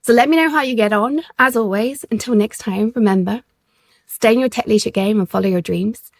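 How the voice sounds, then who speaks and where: A woman's voice: on the high side, fairly quick, vocal fry, no room sound. Woman podcast host, leadership coach; direct, emphatic, encouraging; close, dry mic. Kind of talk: solo podcast coaching talk.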